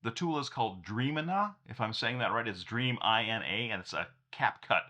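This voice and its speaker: A lowish, sharp-toned male voice leads a brisk, informal screen-share lesson on tech. Cheerful throughout, he chuckles regularly and keeps restarting his sentences.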